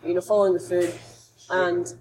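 A woman's voice: fairly low pitch, level tone, moderate pace, background noise. A woman, a dog behaviourist co-hosting a casual talk, chatty and anecdotal with frequent fillers. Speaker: dog behaviourist, podcast co-host. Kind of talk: casual conversation.

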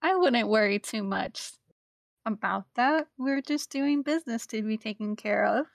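A woman's voice: fairly high pitch, expressive, measured pace, gravelly, dry recording, studio quality. Unsure woman, new tabletop player. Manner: unsure, apologetic. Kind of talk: casual tabletop gaming chat.

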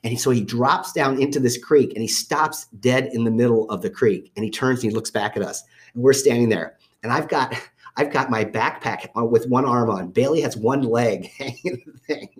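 A man's voice: medium pitch, moderate pace. A man telling a story from his own life. He speaks casually, often corrects himself and restarts, and acts out the voices of the people in it. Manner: rambling with self-corrections and restarts. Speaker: father telling a family story.

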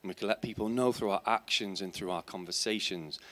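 A man's voice: fairly low pitch, a little fast, sharp tone. A man preaching a sermon in church, asking his congregation rhetorical questions and building to emphatic, passionate points. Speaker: teacher.

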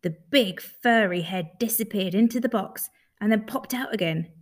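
Reading a children's story at a moderate pace, this medium-pitched woman keeps her delivery lively and expressive.

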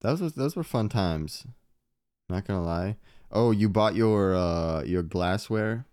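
A man's voice: on the low side, animated, slow pace, darkish tone, clear, resonant tone, no echo, studio quality. A young man co-hosting a podcast in casual chat, laid-back and joking, swearing freely. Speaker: podcast co-host.

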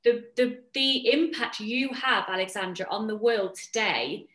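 A woman's voice: on the high side, measured pace, fairly bright tone. A woman hosting a podcast, chatting casually and gushing with compliments for her guest. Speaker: podcast host. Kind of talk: casual interview chat. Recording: roomy echo.

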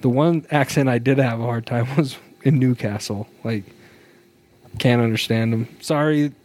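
An upbeat, talkative man chatting casually on a podcast, with a voice of average pitch for a man. He laughs easily and fills his speech with little pauses and fillers. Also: steady tone, a little mellow. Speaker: podcast co-host.

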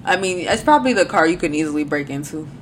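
A woman's voice: low voice, lively intonation, fast talker, a little hiss or hum. A young adult woman co-hosting a podcast, talking casually with lots of filler words and slang. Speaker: podcast co-host. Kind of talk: casual chat.

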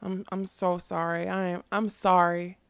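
A rueful, kindly male magician who mocks himself, read by a woman. The voice stays low and slightly gravelly, recorded close and dry. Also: level tone, dry recording. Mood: remorseful. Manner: halting, apologetic and wry. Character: remorseful male magician, wry and gentle.

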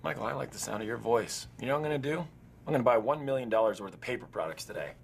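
A man's voice: medium pitch, rapid-fire, a little hiss or hum, close to an everyday voice. An actor playing a man who puts on the voice of a cranky, indignant old client on the phone, in a sitcom. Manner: gruff and indignant, demanding. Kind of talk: sitcom acting.

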